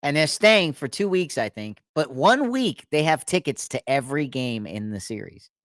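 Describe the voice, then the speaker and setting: A man's voice: a little high, sing-song, normal speed, a bit bright, no echo, clean studio sound. A man hosting a podcast, telling a long rambling story in casual chat and laughing at his own jokes. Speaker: podcast host.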